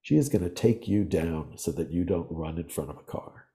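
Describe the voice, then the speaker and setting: A man talking as a podcast guest, explaining ideas in earnest, animated storytelling. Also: deep voice, normal speed. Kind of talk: reflective interview talk.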